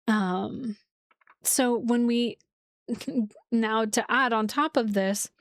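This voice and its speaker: A woman's voice: on the high side, drawn-out words, no echo, studio quality. A woman astrologer hosting a casual livestream, talking loosely with many "like"s and restarts. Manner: rambling, full of "like" and restarts. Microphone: streaming setup, seated in a chair.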